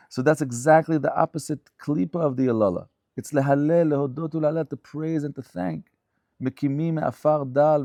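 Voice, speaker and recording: A man's voice: on the high side, gravelly, dark tone, dry recording, studio quality. A man giving a Torah lecture as a rabbi, speaking fervently and emphatically and repeating phrases for stress.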